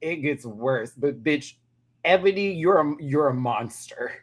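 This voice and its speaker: A man's voice: a little high, lively intonation, measured pace. A man giving a sassy, dramatic casual rant reviewing a reality TV episode, with cackling asides.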